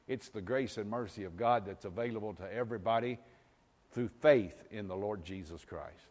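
Low-voiced preaching man, reverberant hall. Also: moderate pace, a little mellow. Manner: emphatic preaching, checks in with the congregation. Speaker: pastor. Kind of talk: sermon. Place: church sanctuary.

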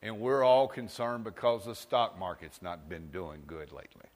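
Folksy preacher in a reverberant hall. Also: male voice, fairly low pitch, lively intonation, normal speed. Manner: folksy storytelling, asks the crowd for amens. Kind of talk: folksy sermon. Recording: long reverb in a large hall.

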